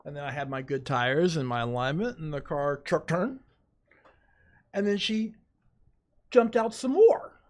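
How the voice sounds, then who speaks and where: A middle-aged man, a podcast guest, telling a story in animated, dramatic fashion with quoted asides. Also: on the high side, unhurried, long pauses. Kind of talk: casual storytelling.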